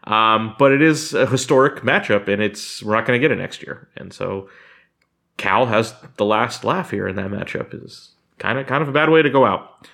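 A man co-hosting a sports podcast, giving measured, opinionated takes with "um" fillers. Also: lowish voice, gravelly, a bit bright. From Southern California. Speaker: podcast co-host. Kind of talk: casual sports chat.

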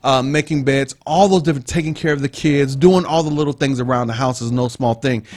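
Male co-host, mid-pitched, talks through points like a teacher, lots of repetition. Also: fairly quick, a little mellow. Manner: preachy, explains with repetition and asides. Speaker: podcast co-host. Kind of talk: casual teaching talk.

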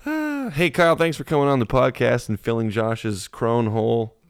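Man, podcast host, gravelly, animated delivery, crude laughing banter. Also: mid-range voice, normal speed, no echo. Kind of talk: casual comedy podcast banter.

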